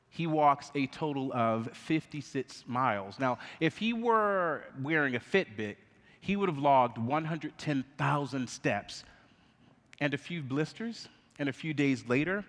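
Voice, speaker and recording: A man telling a story at a conference, acting out the voices and putting questions to the audience. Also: a little high. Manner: animated, acts out voices in anecdotes. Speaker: conference speaker. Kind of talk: storytelling keynote talk. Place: conference hall. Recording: reverberant conference hall.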